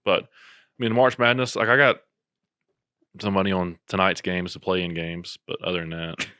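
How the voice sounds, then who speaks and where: A young man co-hosts a casual podcast chat in a low-key, laid-back way, often letting his sentences trail off. His voice sits on the low side. The sound is dry and right on the mic. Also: steady tone, normal speed, bright, forceful tone, no room sound. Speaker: podcast co-host.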